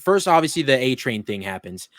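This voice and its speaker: Excitable young man gushing on a podcast. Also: medium pitch, fairly quick, no room sound, clean studio sound. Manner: animated, gushing, swears freely. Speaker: podcast host. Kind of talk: excited casual review chat.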